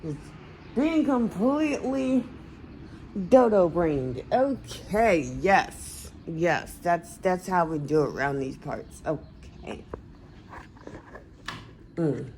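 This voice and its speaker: A woman's voice: on the low side, lively intonation, takes it slowly, long pauses, darkish tone, a little hiss or hum, low-quality recording. A woman talking to herself at home in a casual vlog, rambling and groggy. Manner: rambling, groggy self-talk. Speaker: vlogger.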